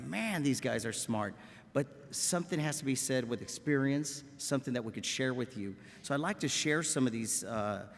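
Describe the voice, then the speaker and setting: Folksy South Texas man in echoey hall. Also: mid-range voice. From Rio Grande Valley, South Texas. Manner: folksy, joking, keeps adding "okay?". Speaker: medical school faculty, commencement speaker. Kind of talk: commencement address. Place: large auditorium at a graduation ceremony. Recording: echoey auditorium with long reverb.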